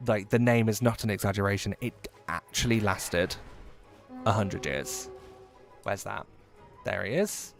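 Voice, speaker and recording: A man's voice: on the low side, unhurried, vocal fry, pauses often, faint music behind. A man from England with an English accent and a bit of Midlands, chatting casually and rambling while streaming a game, with frequent swearing. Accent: English, with a touch of Midlands. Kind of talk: casual livestream chat while gaming.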